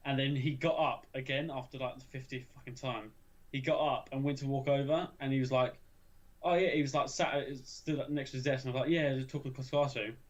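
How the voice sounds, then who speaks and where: A man's voice: medium pitch, fairly even intonation, fast, lo-fi sound. A young man, telling a school story in casual chat, rambling with frequent restarts and swearing. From England. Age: young adult. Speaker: podcast co-host.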